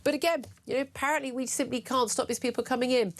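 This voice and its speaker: A woman's voice: sits high, steady tone, fast talker. A woman hosting a radio talk show, opinionated and sardonic, laughing often and sounding a little hungover. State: slightly hungover. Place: radio studio.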